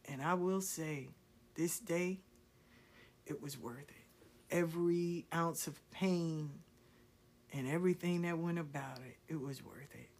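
Woman telling life stories with laughs. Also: low voice. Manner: laughs often, swears freely, preachy and encouraging; repeats herself for emphasis. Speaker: spiritual reader. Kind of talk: casual storytelling on a live video.

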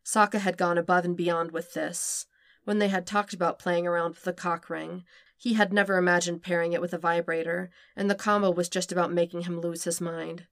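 A woman reading fan fiction aloud with steady, even narration. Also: fairly low pitch, brisk, no echo. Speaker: podfic reader.

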